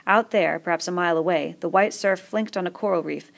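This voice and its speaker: A woman reading a novel aloud in steady, measured narration. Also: fairly low pitch, vocal fry. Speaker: audiobook reader. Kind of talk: scripted narration.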